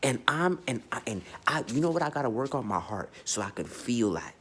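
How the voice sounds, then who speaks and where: A man's voice: medium pitch, sing-song, a little fast, fairly bright tone, slightly rough. A man giving a blunt, profane, unscripted astrology monologue, speaking emphatically and often restarting his sentences. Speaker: astrology vlogger.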